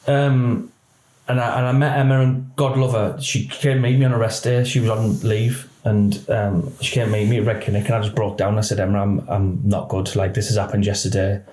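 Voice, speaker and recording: Male, ex-police interview guest; low voice, halting, emotional delivery; roomy echo. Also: flat delivery, a little mellow. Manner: halting, emotional retelling with many restarts. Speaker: podcast guest, former police officer. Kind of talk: candid interview storytelling.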